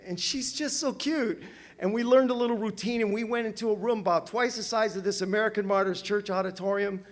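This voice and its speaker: Brief: older man, Southern California, high-pitched, lively self-mocking recovery-meeting storyteller who laughs a lot. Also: brisk. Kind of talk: personal storytelling talk. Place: meeting hall with audience.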